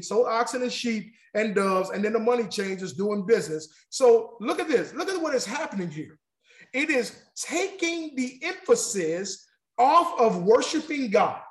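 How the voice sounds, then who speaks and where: A man's voice: very high-pitched, roomy sound. A man preaching a sermon in an emphatic, repetitive way, calling out to the congregation.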